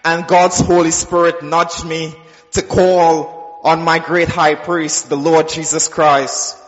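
A man telling his personal testimony to a church, acting out the voices in his story and dropping soft and low when quoting God. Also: level tone, slow. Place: church sanctuary. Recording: dull sound with long hall reverb.

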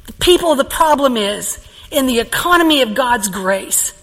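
A woman pastor preaching a sermon as an animated storyteller who laughs often, in a church. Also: high voice, a little fast, long reverb tail, poor audio.

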